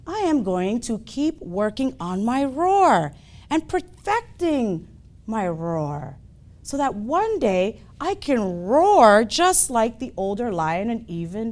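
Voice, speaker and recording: Give me a woman playing a young lion cub in a story, slow and animated. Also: on the high side. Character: young male lion cub, confused then proud.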